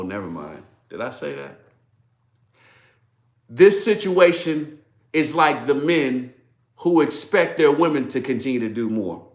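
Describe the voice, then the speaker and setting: A man preaching a daily devotional sermon, emphatic and swinging from loud declarations to hushed asides. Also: medium pitch. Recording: roomy echo.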